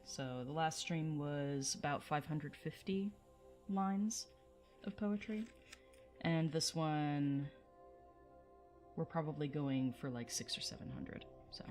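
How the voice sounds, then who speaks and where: A woman's voice: deep voice, slow, pauses often, darkish tone, soft background music. A woman hosting a livestream, chatting casually with viewers and reading poetry aloud, often laughing.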